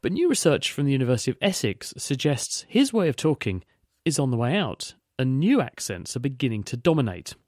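A man presenting a science news podcast, reading scripted links in a smooth, measured way. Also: mid-range voice, very animated, a little mellow, no room sound, clean studio sound.

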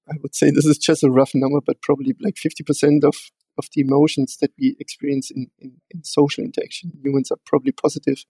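A man being interviewed about his research, speaking in a measured way with frequent fillers and restarts. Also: a little high, warm tone, no room sound.

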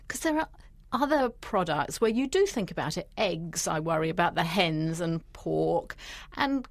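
A woman's voice: fairly low pitch, expressive, unhurried, gravelly, dry recording. Chatty New woman journalist. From New Zealand. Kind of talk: conversational radio interview.

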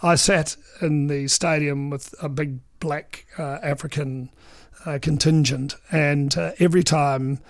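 A gravelly-voiced New man in his sixties spins long anecdotes, peppering them with ums and uhs. His voice sits a touch high for a man, and the sound is close and dry with no room around it. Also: steady tone, unhurried, dry recording. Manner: chatty, full of ums and uhs, acts out quoted dialogue. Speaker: veteran political journalist. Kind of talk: anecdotal interview storytelling.

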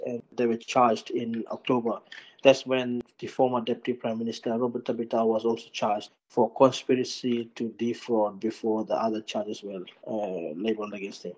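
A man's voice: medium pitch, darkish tone. A man, a newspaper editor, explaining a case factually in an interview with occasional hesitations. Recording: dull lo-fi line.

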